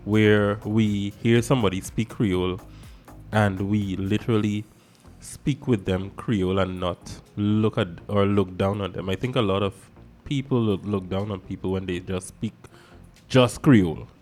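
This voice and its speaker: A man in a casual discussion, animated and speeding up in bursts. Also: lowish voice, moderate pace, soft background music.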